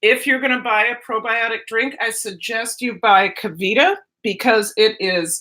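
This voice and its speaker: A middle-aged woman vlogger cooks breakfast while chatting casually with her live-stream viewers, her voice fairly high, bright, and forceful at a moderate pace with few pauses. Chatty and rambling, she barely moves her jaw and restarts often.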